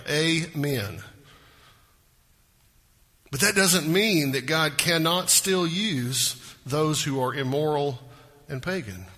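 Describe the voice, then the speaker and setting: A man preaching with a husky, forceful voice pitched a little high, pressing his points with rhetorical questions. A long reverb from a large hall trails behind every phrase. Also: slow, pauses often. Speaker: pastor. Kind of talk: sermon.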